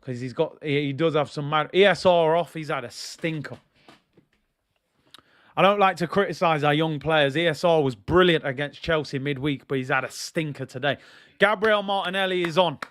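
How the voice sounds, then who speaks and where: A young man streaming as a football fan gives excitable, slang-heavy live commentary while watching a match, now and then bursting into shouts. His voice is slightly high, at normal speed.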